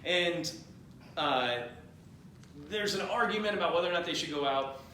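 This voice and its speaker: At a party, a man retells a piece of history in a comedic drunk-history style, rambling and joking and acting out the voices of the people involved. His voice is slightly high and sharp, with lively intonation and a moderate pace. The room is very echoey with faint noise.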